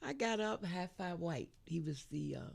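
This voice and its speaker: An older woman in her seventies tells stories from her singing days with a lively, animated delivery. Her voice has a gravelly edge. She laughs often and slips into sung lines mid-story. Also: fairly low pitch, normal speed. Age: 70s. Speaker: guest singer. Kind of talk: storytelling interview.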